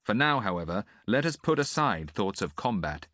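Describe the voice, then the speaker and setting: A man's voice: on the low side, big pitch swings, moderate pace, fairly bright tone, dry recording, studio quality. A man voicing a tall, confident young prince in an audiobook, commanding but amiable.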